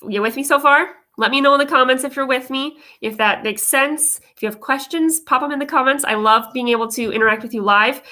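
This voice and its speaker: A woman's voice: sits high, a little fast, few pauses, sharp tone. A woman vocal coach giving a chatty, upbeat live lesson on voice care, often checking in with her viewers. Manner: upbeat, chatty, addresses viewers directly with frequent check-ins.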